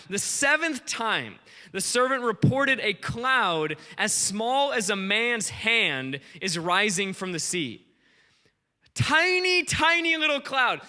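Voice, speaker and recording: A man preaching an energetic sermon, telling a story with acted-out voices and questions to the crowd. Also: high voice. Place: large conference hall. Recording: long hall reverb.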